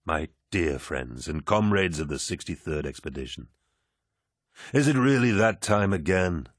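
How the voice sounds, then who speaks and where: A man's voice: expressive, a little slow, no room sound, clean studio sound. A man voicing a towering, jovial demigod warlord in an audiobook, genial and commanding as he addresses his troops. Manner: genial, booming, warmly commanding. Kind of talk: audiobook character voice.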